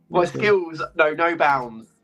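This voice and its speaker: A man's voice: fairly high pitch, expressive, takes it slowly, a bit bright, dull audio, faint music behind. A man co-hosting a casual chat, teasing and laughing often.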